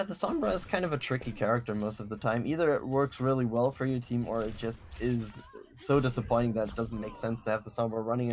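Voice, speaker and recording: A man's voice: medium pitch, slight background noise. Man calling esports matches. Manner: measured analytical commentary with some fillers. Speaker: esports caster. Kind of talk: play-by-play esports commentary.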